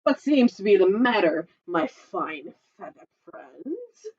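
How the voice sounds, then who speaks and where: A woman voicing a sly, hungry male fox who talks in a slow, smirking purr. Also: medium pitch, big pitch swings, darkish tone, highs cut off.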